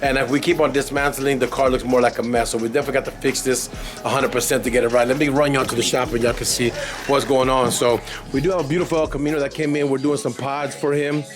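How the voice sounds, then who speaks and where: Man from New York, car shop owner, quick talker, high voice, music playing behind. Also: steady tone. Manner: loud joking banter, heavy slang. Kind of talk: casual vlog chat.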